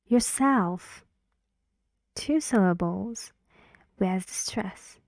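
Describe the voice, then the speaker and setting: A woman teaches English pronunciation at a very slow, careful pace. Her voice is mellow and soft-edged, and she repeats each word clearly for her learners. The sound is dry and close. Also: medium pitch, no echo. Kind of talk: slow pronunciation lesson with drills.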